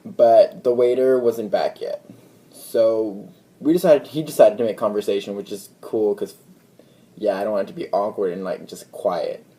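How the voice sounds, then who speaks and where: Mellow-voiced young man telling a story. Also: fairly low pitch, normal speed. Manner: rambling, chatty retelling full of "like" and quoted dialogue. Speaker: vlogger. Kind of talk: casual storytelling to camera.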